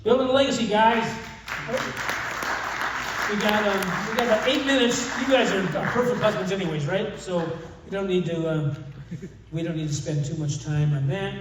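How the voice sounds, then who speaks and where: A man's voice: high voice, normal speed, over a noisy crowd, heavy background noise. Older man speaking in a very echoey room. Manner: humorous storytelling with many restarts. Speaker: conference speaker. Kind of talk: retreat talk. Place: retreat meeting room. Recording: distant, very echoey room mic.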